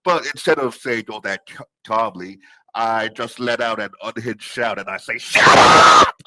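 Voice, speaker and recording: A man guesting on a comedy podcast, telling a story in an animated, casual way, often laughing mid-sentence and stumbling into restarts. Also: medium pitch, no room sound. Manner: animated, often laughing through his words, stammering restarts.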